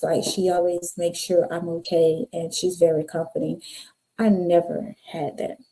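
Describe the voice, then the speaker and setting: A woman, guest on an interview podcast, telling her life story candidly and acting out the people in it. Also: lowish voice. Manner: animated, acts out voices in her stories.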